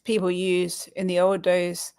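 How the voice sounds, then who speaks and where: High, gravelly Suffolk man. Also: monotone, unhurried, a little mellow, dry recording. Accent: Suffolk English. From Suffolk, England. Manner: explains patiently, laughs often. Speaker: livestream co-host. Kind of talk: casual chat.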